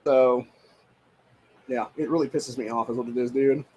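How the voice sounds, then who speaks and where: A man's voice: mid-range voice, fairly even intonation, moderate pace, dark tone, breathy edge, dull audio. A young man at home, ranting in a casual, profane, exasperated way with lots of repetition. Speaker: podcast host. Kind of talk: casual rant.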